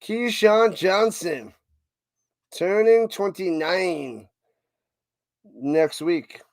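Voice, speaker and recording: In a high, gravelly voice with drawn-out words, a man with a New York accent runs a live watch-party stream, making excitable play calls and chatting with viewers through the chat. The recording is dry.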